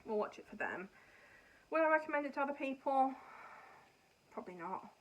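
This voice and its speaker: Chatting loosely on her knitting podcast, a woman shares blunt takes on books and shows she's completed. Her voice is high-pitched and sing-song, moving fairly quickly, on a low-quality recording.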